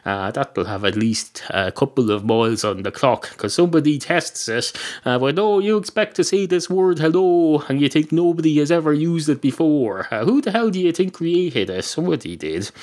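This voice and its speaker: An Irish man hosting a podcast, telling a rambling comic monologue, swearing freely and filling pauses with "uh". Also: on the high side, lively intonation, darkish tone. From Ireland. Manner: meandering, swears freely, frequent "uh" fillers. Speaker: podcast host.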